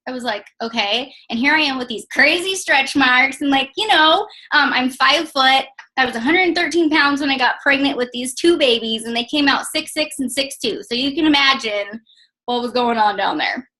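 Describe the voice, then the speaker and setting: Bright high-voiced chatty young woman. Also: moderate pace, low-quality recording. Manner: chatty, many fillers like "like" and "um". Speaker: network marketing distributor. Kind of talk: casual personal testimonial.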